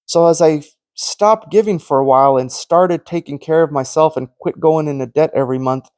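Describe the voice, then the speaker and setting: A man with a fairly high voice preaches in a loose, conversational way, acting out the voices of people in his stories. The sound is dry and close, with no room echo. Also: a little mellow. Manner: storytelling that acts out quoted conversations; earnest, conversational. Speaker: Christian teacher. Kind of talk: informal preaching monologue.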